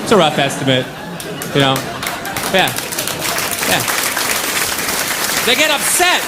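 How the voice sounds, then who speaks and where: Speaking slowly and expressively in a fairly high voice, a young Canadian comic from Ottawa works a club stage. His stand-up has a dry, offhand style with many asides, heard over a noisy live crowd.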